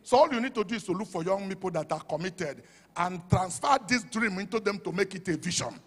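A man preaching a sermon in Nigerian English. He talks with fervour, shouts at the high points and drops to a hush for quoted asides. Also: expressive, brisk, breathy edge. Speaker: pastor. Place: church hall. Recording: long hall reverb.

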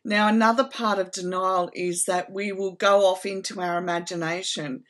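A middle-aged woman speaks to her viewers in a sincere, heartfelt way, her voice sitting at an ordinary pitch. She talks casually and keeps pausing to check in with the listener. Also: steady tone, a bit bright. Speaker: host. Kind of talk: casual advice talk to viewers.

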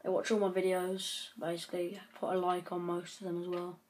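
A woman's voice: on the low side, monotone, a little fast, a little mellow, slight background noise. A woman giving chatty gameplay commentary, breaking into frequent frustrated outbursts. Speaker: gaming channel host.

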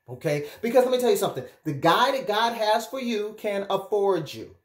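A man speaking as a relationship and life coach, giving direct-to-camera advice in an animated, emphatic way, often checking in with his listeners. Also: high-pitched, fairly quick. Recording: echoey room.

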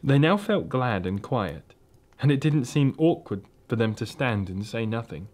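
A man reading a children's storybook aloud, in a gentle, steady and expressive way. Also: mid-range voice, measured pace. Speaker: reader.

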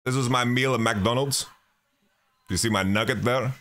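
On his own podcast, a man tells a travel story in a loose, rambling way, swearing freely, restarting sentences and saying "you know" a lot. His mid-range voice has a fairly bright tone and moves at a normal speed.

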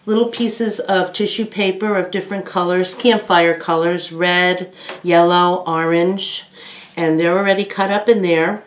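Unhurried woman reading to kids. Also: lowish voice. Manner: patient, step-by-step instructions for kids. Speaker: children's librarian. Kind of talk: story time reading and craft demonstration. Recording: roomy echo.

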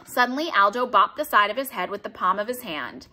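A woman reading a children's story with a clear, bright voice and a very lively pitch. She narrates expressively, leaning into each line. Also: a little fast, few pauses. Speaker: audiobook reader.

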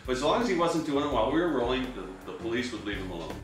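A film crew member recalling set life in an interview, animated and laughing. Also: male voice, mid-range voice, very fast, distant mic. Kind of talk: anecdotal interview. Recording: echoey room with faint music.

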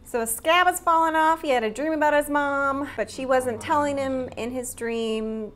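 A woman's voice: high voice, normal speed, a bit bright. A woman hosting a drama reaction video, chatting casually and laughing often as she talks back to the screen. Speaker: drama reaction channel host.

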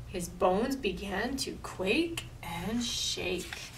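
A woman reading a picture book aloud at a library storytime, slow and expressive. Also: medium pitch, recorded from a distance, slight background noise, low-quality recording.

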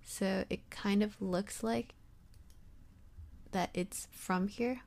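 A young woman walks through a software tutorial in a loose, rambling way, full of fillers and self-deprecating asides. Her voice sits at a middle pitch with a gravelly, fry-tinged edge. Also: steady tone, takes it slowly. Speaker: tutorial host. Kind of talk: casual screen-recorded software tutorial.

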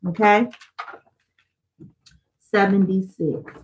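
A woman's voice: mid-range voice, steady tone, drawn-out words, poor audio. A woman selling jewelry on a live stream, chatty and upbeat, talking straight to her viewers. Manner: chatty, upbeat, addresses viewers directly as "y'all". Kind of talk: live-stream sales pitch.

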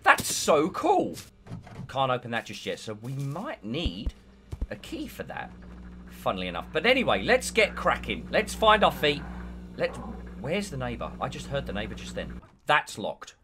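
A man's voice: mid-range voice, wildly swooping pitch, moderate pace, noisy background. A young man doing let's-play game commentary, talking himself through a horror game and panicking and shrieking at the scares. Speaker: gaming YouTuber. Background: game music and sounds.

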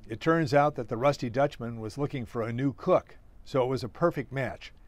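A man's voice: medium pitch, normal speed, no echo, close to an everyday voice. A man reading aloud, voicing a matter-of-fact male ship's cook who schemes to hide stowaways.

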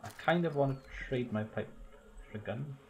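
A man's voice: mid-range voice, moderate pace, a little mellow, a little hiss or hum. A young man streaming a video game, joking, swearing and chatting to his viewers. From Wales. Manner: sweary, joking, talks to chat. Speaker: gaming streamer. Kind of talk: casual let's-play commentary.

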